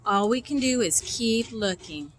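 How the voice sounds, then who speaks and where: A woman voicing a gentle, grieving preacher father who speaks low, slow and soft. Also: expressive, a little hiss or hum. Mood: sad.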